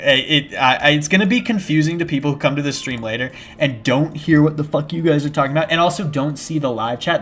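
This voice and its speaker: Rambling young male streamer. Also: medium pitch. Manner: rambling and self-interrupting, with sudden shouted panic at scares. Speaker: game streamer. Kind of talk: casual live-stream chat while playing. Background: background music.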